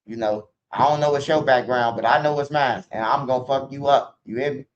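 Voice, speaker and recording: A man's voice: medium pitch, fairly even intonation, a little fast, highs cut off, slight background noise. Man ranting in profane street slang. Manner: rambling, profane street slang, repeats himself. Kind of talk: casual rant.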